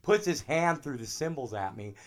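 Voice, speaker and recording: A middle-aged man, a drummer, telling animated anecdotes in a casual interview. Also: mid-range voice, normal speed. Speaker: drummer guest.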